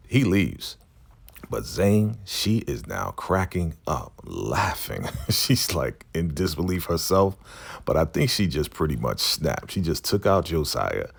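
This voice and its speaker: A man giving a casual, animated recap of a TV episode and acting out the characters' lines. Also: rumbling low, gravelly, slightly rough. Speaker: TV recap vlogger.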